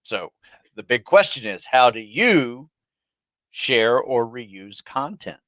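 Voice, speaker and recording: A man's voice: mid-range voice, very animated, slow, a bit bright, no echo. A man co-hosting a podcast, putting questions and giving short, encouraging replies. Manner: brief, encouraging interjections. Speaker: podcast co-host. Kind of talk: casual chat.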